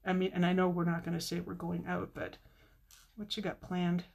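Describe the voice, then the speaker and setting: A woman's voice: on the low side, completely flat delivery, moderate pace, gravelly, a little mellow, lo-fi sound. A middle-aged woman chatting with viewers while demonstrating card making on a live stream, with muttered asides to herself.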